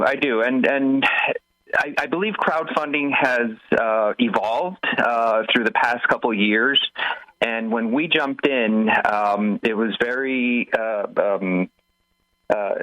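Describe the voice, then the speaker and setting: Man, inventor guest on radio, hesitant, low voice, bright tone, dry sound. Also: no room sound, rough recording. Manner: hesitant, full of fillers and restarts. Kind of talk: radio interview.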